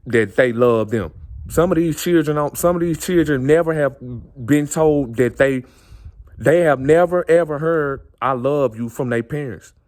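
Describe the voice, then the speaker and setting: An earnest man talks straight to the camera in a heartfelt monologue. He keeps circling back over his own phrases, repeating them for weight, with a voice of middling pitch. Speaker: vlogger. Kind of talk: impassioned personal monologue.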